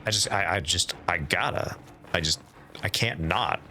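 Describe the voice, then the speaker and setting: Male streamer, low voice with a forceful edge, casual and rambling, reads game documents aloud to chat. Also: normal speed, a little hiss or hum. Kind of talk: casual live-stream chat while playing.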